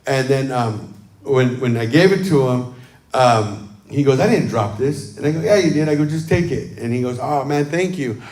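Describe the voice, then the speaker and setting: A man's voice: medium pitch, expressive, moderate pace. A man preaching as pastor, telling casual stories to his congregation and often adding "amen.". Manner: chatty, warm storytelling with frequent "um" and "amen". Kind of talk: casual sermon talk to a congregation. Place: church sanctuary, livestreamed. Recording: roomy church sanctuary sound.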